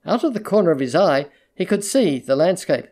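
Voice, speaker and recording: An audiobook narrator reads literary fiction in a steady, mid-pitched voice, measured and controlled. His even delivery speeds up and slows down to follow the story.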